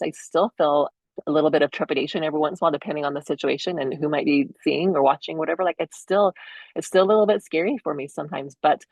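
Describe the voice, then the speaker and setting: A middle-aged woman hosting a casual solo podcast, chatty, laughing often and jumping into high voices when acting out what others said. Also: no room sound. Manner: chatty, laughs often, acts out voices with big pitch jumps. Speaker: podcast host. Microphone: video call recording.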